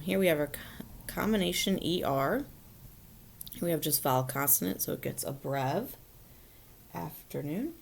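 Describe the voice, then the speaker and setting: A woman's voice: low-pitched, creaky, darkish tone. A woman teacher walking students through a phonics lesson step by step, patiently checking in with them as she goes. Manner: patient, explains step by step, often asks "right?". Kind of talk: recorded phonics lesson for children.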